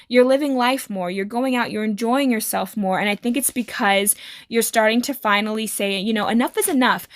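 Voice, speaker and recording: A woman's voice: mid-range voice, dry recording, studio quality. A woman giving a tarot reading to her viewers, reassuring and rambling, with many fillers. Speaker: tarot reader.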